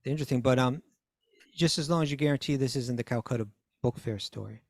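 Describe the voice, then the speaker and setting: A man co-hosts a casual spiritual chat, teasing and guiding the talk. His voice sits at a middle pitch. The sound is dry and close. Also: quick pace, vocal fry, dry recording. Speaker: podcast co-host.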